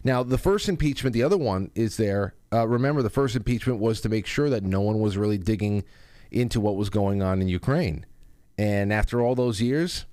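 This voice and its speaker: A man hosting a political talk show, speaking deliberately and repeating his phrases as he builds points. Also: lowish voice, dark tone, no room sound. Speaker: host.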